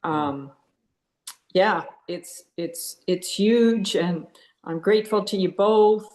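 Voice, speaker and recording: A woman's voice: on the low side, takes it slowly, darkish tone, echoey room. A woman from Canada, speaking in a grateful, rambling way about her course. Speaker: course participant.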